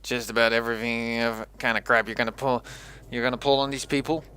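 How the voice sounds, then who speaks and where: Bright sarcastic man commenting on a game. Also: mid-range voice, flat delivery, quick pace, smooth. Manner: sarcastic, joking. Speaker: let's play host.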